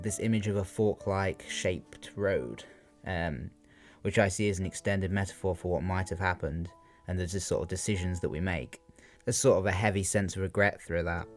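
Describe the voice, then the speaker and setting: A young man with a very low, deep voice talks through his revision notes without a script. He hesitates often, leaning heavily on "um" and "sort of" as he analyzes, while faint guitar music plays in the background.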